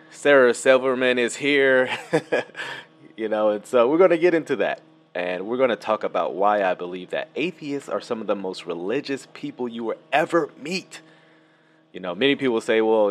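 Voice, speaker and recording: A man hosting a casual reaction commentary, animated and laughing, with many fillers and restarts, a lawn mower buzzing behind him. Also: fairly low pitch. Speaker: video commentator. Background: lawn mower buzz.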